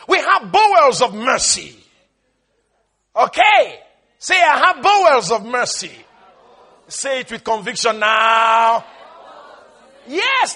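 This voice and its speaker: A man preaching a sermon with emphatic call-and-response exhortation, swinging between shouts and quiet asides. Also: extremely high pitch.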